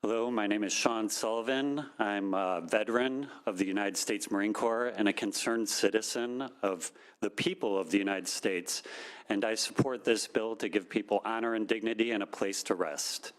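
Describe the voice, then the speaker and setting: A man's voice: lowish voice, fairly even intonation, normal speed. A military veteran man giving an earnest, formal public comment at a hearing. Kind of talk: brief public testimony at a hearing.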